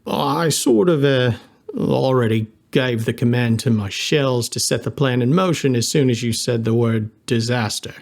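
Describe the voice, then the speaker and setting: A man's voice: mid-range voice, normal speed, creaky, lightly acted. A man reading an audiobook, voicing a cheeky, mischievous helper who talks breezily. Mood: sheepish.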